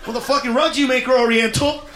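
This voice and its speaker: A man doing a stand-up comedy routine, brash and profane, shouting out his punchlines. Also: very high-pitched, fairly even intonation, quick pace. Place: comedy club stage before a live audience. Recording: loud live audience and room noise.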